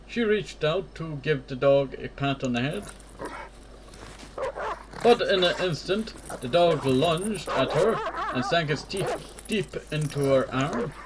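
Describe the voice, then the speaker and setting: Slow-reading man narrating a story game. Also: a little high, expressive, background noise. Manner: slow reading with self-corrections and offhand asides. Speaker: gamer.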